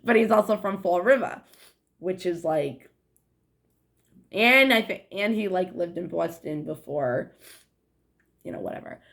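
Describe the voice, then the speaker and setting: A woman's voice: lowish voice, animated, a little slow, creaky, long pauses, a bit bright. A young woman with a New England accent talking to her viewers in a meandering, casual monologue, full of "like" and swearing. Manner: meandering, heavy on "like" and swearing, frequent laughs. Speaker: vlogger. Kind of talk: rambling casual monologue to camera.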